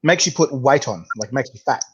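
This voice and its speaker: A man's voice: medium pitch, lively intonation, fairly quick, a bit bright, husky. A man with an Australian accent hosting a casual chat, laid-back and talkative, often saying "mate" and restarting his sentences. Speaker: host. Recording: muffled lo-fi sound.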